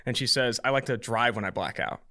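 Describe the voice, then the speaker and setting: A young man hosting a podcast, rattling off a story at a quick clip. His voice is bright and forward, and he acts out the dialogue as he goes. He talks in a loose, casual way. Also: mid-range voice. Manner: fast, animated storytelling with quoted dialogue. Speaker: podcast host.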